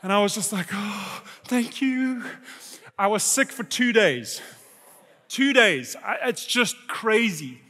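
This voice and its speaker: A middle-aged man preaching a sermon, telling a story about himself in an animated, self-mocking way and acting out his own reactions. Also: high voice, measured pace. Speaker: pastor. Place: church hall. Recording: live church hall reverb.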